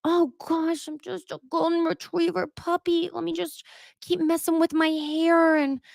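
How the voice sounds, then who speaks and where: A woman putting on the voice of a smug young man who fakes a sweet, puppy-like charm, in a whiny, mocking singsong. The voice sits well above her usual pitch. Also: little pitch movement, a little slow, vocal fry, no room sound, clean studio sound, full character voice.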